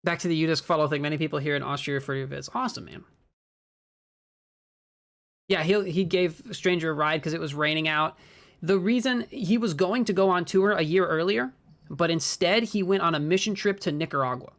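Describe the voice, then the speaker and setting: A man from Minnesota with a Midwestern American accent, co-commentating a disc golf stream in a chatty, quick way that breaks easily into laughter. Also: fairly high pitch, a bit bright. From Minnesota, USA. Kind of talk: casual live-stream commentary.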